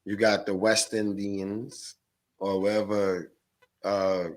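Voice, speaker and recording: A man's voice: lowish voice, flat delivery, slow. A man guest on a podcast, a stock trader, talking in a slangy, profane, rambling way. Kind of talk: casual podcast chat.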